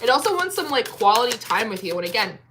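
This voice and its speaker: A woman's voice: a little high, very animated, fast talker, a bit bright, a little hiss or hum. A woman giving a casual tarot reading to camera at home, chatty and rambling with lots of filler words. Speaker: tarot reader.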